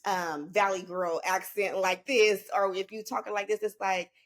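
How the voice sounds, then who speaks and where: A woman's voice: mid-range voice, steady tone, normal speed. A woman, a podcast guest talking in a laid-back, slangy, rambling way. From Northern California. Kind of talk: casual chat.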